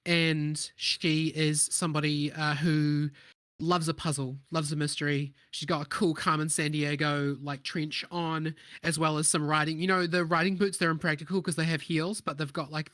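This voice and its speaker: Bright upbeat Scottish man. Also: on the high side, dry recording, studio quality. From Scotland. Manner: upbeat and jokey, with many fillers. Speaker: player. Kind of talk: casual chat.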